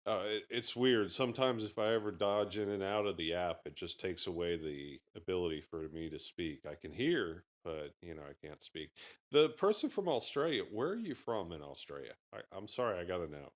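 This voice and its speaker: A man on a video call, telling a relaxed, rambling travel story in casual chat. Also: sits low, brisk. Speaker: group participant. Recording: dull lo-fi call audio.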